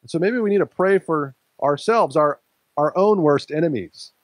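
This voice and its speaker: A man's voice: a little high, normal speed, dry recording, rough recording. Conversational male pastor preaching. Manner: conversational preaching with light laughter. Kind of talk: sermon.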